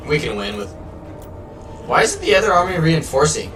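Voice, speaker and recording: A man's voice: a little high, big pitch swings, moderate pace, pauses often, fairly bright tone, reverberant, far from the mic. A man live-streaming a game, chatting casually and rambling, swearing freely as he plays. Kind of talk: casual live gameplay chat. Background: game music.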